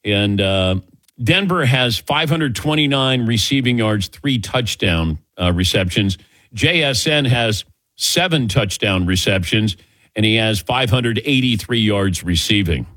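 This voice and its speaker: A man's voice: on the low side, animated, a little slow, a bit bright, no room sound, studio quality. A man hosting a sports talk radio show, chatting casually and teasing his co-hosts.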